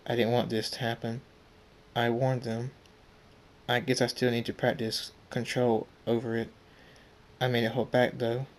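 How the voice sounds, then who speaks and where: A man's voice: mid-range voice, completely flat delivery, lightly acted. A man reading as a male pony hero with hidden rage. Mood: subdued. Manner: plain reading voice, slow.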